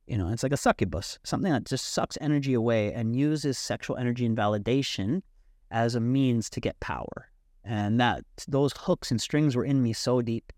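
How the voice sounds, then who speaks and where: A young adult man telling a personal story as a podcast guest, animated and swearing freely while acting out what others said. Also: on the low side, no room sound, studio quality. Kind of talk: casual storytelling.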